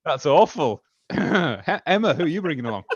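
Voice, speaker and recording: A man's voice: a little high, big pitch swings, moderate pace, breathy edge, no room sound, lo-fi sound. Wry man hosting a comedy podcast. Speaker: host.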